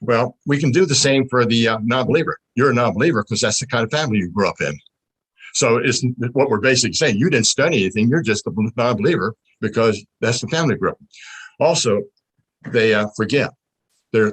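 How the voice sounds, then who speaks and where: A man's voice: medium pitch, lively intonation, a little fast, a bit bright, breathy edge, low-quality recording. A middle-aged man on a video call, explaining his points in a panel discussion and teaching through rhetorical questions. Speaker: panel speaker.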